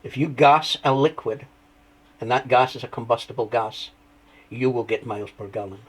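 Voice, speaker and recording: A man telling his story as an interview guest, rambling through anecdotes with restarts and lively retellings. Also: medium pitch, normal speed, rough recording. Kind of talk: conversational storytelling.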